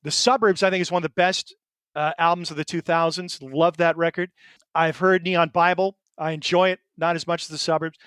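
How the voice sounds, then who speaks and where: A man's voice: on the high side, little pitch movement, fairly quick, fairly bright tone, clear, resonant tone, no room sound, clean studio sound. A middle-aged man co-hosting a podcast in casual chat, earnest and emotional, hesitating with fillers and restarts. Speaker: podcast co-host.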